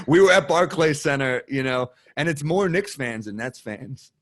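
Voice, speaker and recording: A man's voice: mid-range voice, lively intonation, a little fast. A man with a mid-range voice speaks as a podcast guest in easy, casual conversation. His talk rambles and is full of filler words, and he swears freely. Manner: rambling, loose and profane, full of "like". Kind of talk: casual chat.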